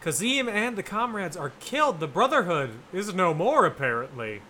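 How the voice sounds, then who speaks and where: A man's voice: sits high, moderate pace, slight background noise. A man co-hosting a podcast, casually recapping a film plot with jokes and fillers. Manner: joking, lively recapping with fillers. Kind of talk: casual chat.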